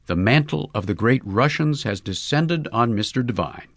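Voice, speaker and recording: A man's voice: mid-range voice, expressive, moderate pace, dry recording. A man voicing an ambitious young woman with a cool, scornful manner.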